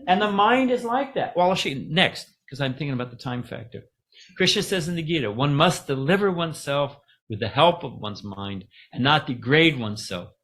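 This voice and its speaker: A middle-aged man giving a casual, joking spiritual talk, pausing to ask the audience questions. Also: fairly high pitch, fairly bright tone.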